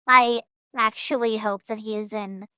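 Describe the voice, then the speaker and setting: A woman's voice: fairly high pitch, fairly even intonation, a little slow, sharp tone, a little hiss or hum. A woman streamer chatting casually and self-mockingly while playing a game, with joking asides.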